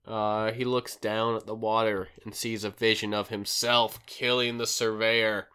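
A man's voice: lowish voice, level tone, measured pace, pushed and bright, smooth. A man hosting a podcast who recaps a show in a rambling, casual way, full of fillers. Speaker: podcast host recapping an episode. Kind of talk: casual chat.

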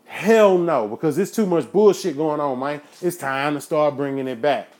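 A man's voice: fairly high pitch, normal speed. Profane, preachy male host on a raised voice. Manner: preachy, heavy swearing, flares into shouting. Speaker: podcast host. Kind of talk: profane ranting monologue.

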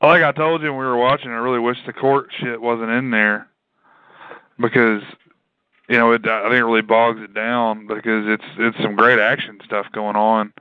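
Easygoing man, smooth voice, tinny line. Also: mid-range voice, flat delivery, normal speed, dry recording. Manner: easygoing, laughs often, swears casually. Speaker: podcast co-host. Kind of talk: casual movie chat. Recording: dry, phone-like band-limited sound.

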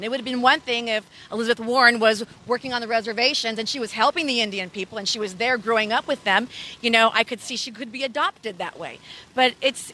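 Lady volunteer talking outdoors, higher bright voice, rambly and repeats herself, faint noise. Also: rough recording. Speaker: campaign volunteer. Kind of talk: casual interview answers.

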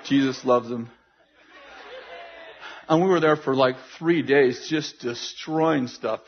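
A man preaching, telling a story in an animated way, often laughing and acting out what people said. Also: mid-range voice, slow. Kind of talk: sermon storytelling. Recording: dull lo-fi sound with faint noise.

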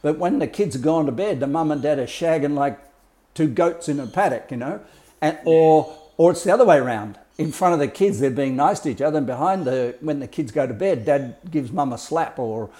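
A man's voice: fairly high pitch, expressive, a little fast, warm tone. A man talking as a life coach, explaining ideas in a blunt, colourful way with swearing and mimicked sounds. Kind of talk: casual explanatory talk.

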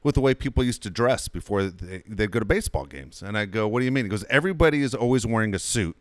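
Middle-aged radio host guy, laughs a lot, cusses, lively swinging voice, dry. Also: fairly low pitch, quick pace, dry recording. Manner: laughs often, swears, riffs on stories. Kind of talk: casual talk radio chat.

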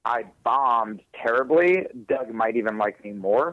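A man's voice: mid-range voice, normal speed, hardly any pauses, no echo, low-quality recording. A man who does stand-up comedy, talking casually in an interview, rambling, swearing and often laughing.

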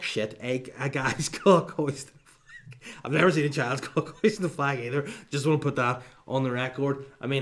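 A man in his thirties, mid-pitched and talking casually as he riffs through a comic monologue. His delivery is sweary and digressive, full of asides and mock indignation. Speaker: comedy podcast host.

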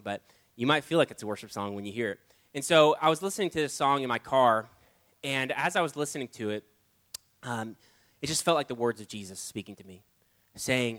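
A man preaching a sermon, telling a personal story with animated, acted-out lines. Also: medium pitch. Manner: animated, storytelling, acts out his own lines.

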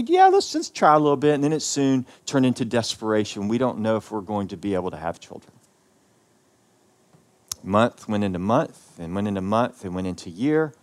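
A male pastor in his thirties delivers a sermon, drifting into a personal story. He speaks earnestly and with feeling, repeating words and pausing as he goes. His voice sits at an ordinary middle pitch. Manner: earnest, emotional storytelling with pauses and repetitions.

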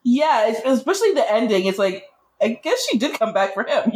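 A woman's voice: a little high, big pitch swings, fairly quick, darkish tone. A woman co-hosting a podcast, recapping in casual chat with joking, sarcastic asides. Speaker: podcast co-host.

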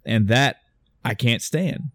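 A man's voice: mid-range voice, slow pace, dry recording. Chatty man, dry close sound. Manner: rambling, animated storytelling with many restarts. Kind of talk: casual chat.

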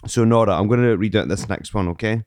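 A man's voice: on the low side, quick pace, darkish tone, dry recording, clean studio sound. Jovial male host with a chatty manner. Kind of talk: casual interview chat.

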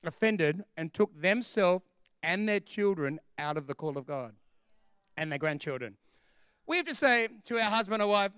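A man preaching a sermon as a pastor, animated and storytelling, acting out the voices of the people in his stories. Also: high-pitched, moderate pace, smooth, no room sound.

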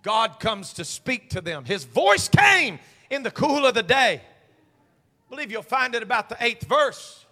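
A male pastor preaches in a very high, bright voice, moving between quiet pleading and shouted calls. His sermon rings through a church sanctuary with a long hall reverb. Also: big pitch swings, measured pace. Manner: swings from hushed pleading to shouted exhortation. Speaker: senior pastor.

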